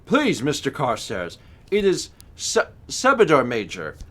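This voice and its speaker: A man's voice: medium pitch, huge pitch swings, a little slow, fairly bright tone, full character voice. A man voicing a stiff, proud old retired army major who talks formally and keeps correcting others.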